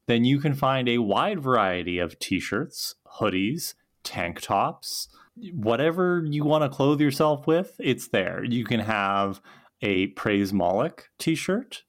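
Lively rambling man podcast co-host. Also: mid-range voice, slow. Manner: rambling, thinking aloud with many likes. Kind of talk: casual chat with a sponsor-style plug.

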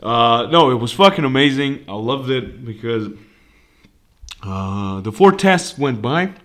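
A man's voice: mid-range voice, unhurried. A young man hosting a podcast, telling a rambling story full of swearing in a casual monologue. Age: young adult. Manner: profane, rambling and animated. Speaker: podcast host.

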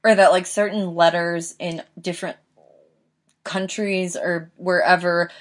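Rambling low-voiced woman podcaster. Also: little pitch movement, measured pace. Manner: rambling, swearing, upbeat. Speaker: podcast co-host. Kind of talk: casual chat.

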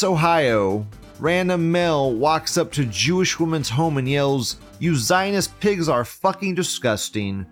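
Profane, sarcastic man hosting a stream. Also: on the high side. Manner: profane, sarcastic, swings between loud mockery and muttering. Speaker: livestream show host. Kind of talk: casual commentary reading forum posts.

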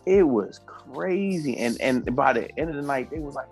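A man telling a story in casual podcast chat, animated and laughing, acting out the people he quotes and swearing freely. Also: medium pitch, normal speed, vocal fry, hardly any pauses, soft background music.

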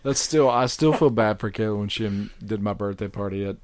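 A man's voice: fairly low pitch, fairly quick, no room sound. A man, co-hosting a casual chat and telling rambling stories full of restarts and the odd swear word.

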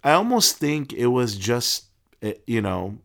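A middle-aged deacon and pharmacist, appearing as an interview guest, tells stories in a relaxed, unhurried way with a gravelly voice. He laughs and stumbles along, and his pitch leaps up whenever he gets excited.

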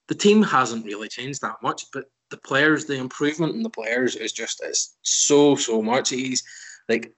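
A man talks about football as a guest on a chat show. His voice is bright and forceful, at a middle pitch. He is opinionated and answers in long, loose, run-on stretches. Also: poor audio. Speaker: podcast guest, football fan. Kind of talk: casual chat.

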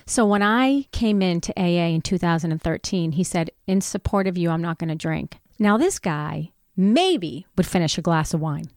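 A middle-aged woman telling a personal story in a conversation, candid and animated, acting out what people said. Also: lowish voice, normal speed, hardly any pauses, dry recording, studio quality. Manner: candid, animated retelling with voiced quotes. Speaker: guest.

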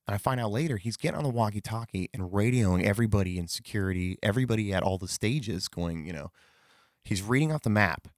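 A man with a very low voice tells a loose, casual anecdote. He rambles, corrects himself and swears freely. The recording is dry with no room sound. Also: quick pace, no room sound. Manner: rambling, with fillers, profanity and self-corrections. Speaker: storyteller.

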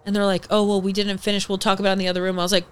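A young woman, a podcast guest, telling a personal story in casual chat, animated and swearing freely, acting out the people she quotes. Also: mid-range voice, racing, smooth. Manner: acts out the people in her story.

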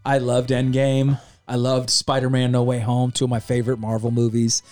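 On a podcast he co-hosts, a man casually recaps a movie, acting out scenes, laughing and swearing lightly. His mid-range voice is monotone and a little mellow, at normal speed.

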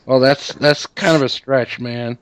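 A man on a podcast, grumbling and swearing as he chats casually. His voice sits at a middle pitch. The sound is dry and close on the mic. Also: steady tone, measured pace, clean tone, no room sound. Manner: frustrated, heavy swearing. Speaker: podcast co-host.

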